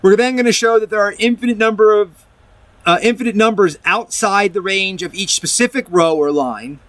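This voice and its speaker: A high-pitched, slightly bright voice belongs to a math presenter explaining a proof at normal speed, recorded with no room sound. He talks casually and rambles, restarting often as he reads from a document and comments on it.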